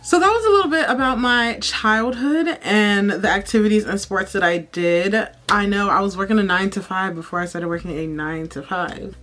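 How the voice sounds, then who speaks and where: A woman's voice: mid-range voice, fairly bright tone. A young woman vlogging, chatting casually and telling a childhood story while doing her makeup, often calling the viewers y'all. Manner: chatty, repeats herself, addresses viewers as y'all.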